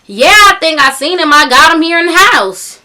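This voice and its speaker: A calm, odd country man with a thick accent and an easy drawl, as a woman puts him on. The voice sits high and bright, and he sounds completely unbothered. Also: a little fast, full character voice. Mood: nonchalant. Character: calm rural man, matter-of-fact and odd.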